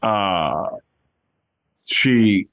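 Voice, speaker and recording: A man's voice: fairly low pitch, animated, extremely slow, a bit bright, no room sound, low-quality recording. An older man hosting a podcast, chatting casually and telling anecdotes with plenty of asides. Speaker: podcast host. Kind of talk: casual chat.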